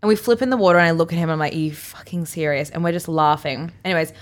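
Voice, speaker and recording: A young Australian woman co-hosting a podcast, telling a story in casual chat and acting out quotes with big leaps in pitch and frequent laughs. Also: racing. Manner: animated, acts out quotes with big jumps in pitch, laughs often. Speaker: podcast co-host.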